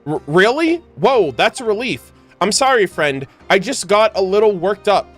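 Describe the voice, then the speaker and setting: A man's voice: high voice, big pitch swings, moderate pace, a bit bright, soft background music, full character voice. A man reading as a flustered, overcharged merchant. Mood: fretful. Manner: reads the merchant's lines aloud in his own voice.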